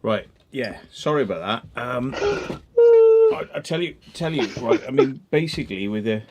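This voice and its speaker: A man's voice: mid-range voice, huge pitch swings, unhurried, heavy background noise. A man hosting a livestream over a video call, giggly and rambling, swearing through casual banter. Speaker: livestream host.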